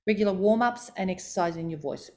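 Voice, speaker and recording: A woman giving a voice coaching talk, demonstrating pitch and stress exercises aloud as she explains them. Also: fast talker, warm tone, a little hiss or hum.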